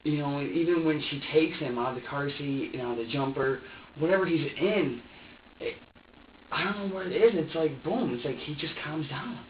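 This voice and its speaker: A man's voice: on the high side, moderate pace. A man being questioned in an interrogation room, telling his story in a heated, profane, rambling way. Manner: profane, heated, rambling, quotes both sides of an argument. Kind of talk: agitated recounting in an interrogation. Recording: echoey room, distant muffled mic, faint hiss.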